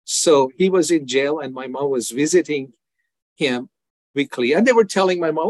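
An older man tells his testimony in an interview, earnest and heartfelt. His voice sits fairly high for a man. The sound is close and dry. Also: expressive, normal speed, no echo. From Iran. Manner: earnest, acts out prayers and voices in dialogue. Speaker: evangelist guest.

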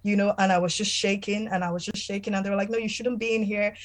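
A woman speaks as an interview guest, her pitch sitting in the middle of the range. She talks in an earnest, reflective way, stopping and restarting as she recalls events. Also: fairly even intonation. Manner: earnest, reflective, halting with many fillers. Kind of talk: personal storytelling in a podcast interview.

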